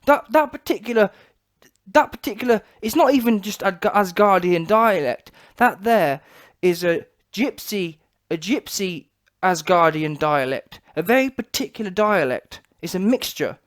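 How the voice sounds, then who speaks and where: High-voiced British man ranting. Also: lively intonation, measured pace. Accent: British English. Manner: emphatic, repetitive, mocking. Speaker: boxing vlogger. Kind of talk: opinionated vlog rant.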